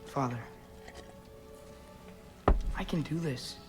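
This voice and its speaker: A man's voice: a little high, slow pace. An actor voicing an earnest, determined teenage boy in a video game, speaking eagerly. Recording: game audio with music behind.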